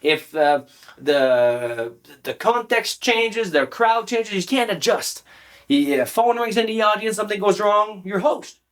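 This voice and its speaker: Animated male speaking coach, lively pitch. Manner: emphatic, animated, talks straight to the viewer with quick check-in questions. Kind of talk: direct-to-camera coaching talk.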